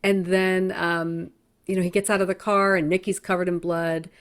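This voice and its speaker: A woman's voice: lowish voice, moderate pace. Brief: female podcast co-host, casual, swears, retells scenes with energy. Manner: animated retelling with swearing and many fillers. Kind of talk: casual movie review chat.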